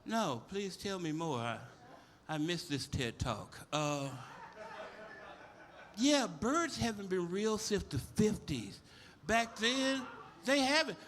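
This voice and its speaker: A man's voice: sits high, sing-song, slow, fairly bright tone. A man doing a stand-up comedy set on a club stage, brash, profane and full of stories. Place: comedy club stage before a live audience.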